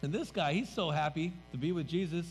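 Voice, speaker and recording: Animated high-voiced preacher in a reverberant hall. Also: male voice, fairly quick. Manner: conversational, emphatic, pitch drops at phrase ends. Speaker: pastor. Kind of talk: sermon. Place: church sanctuary. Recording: reverberant hall, faint music.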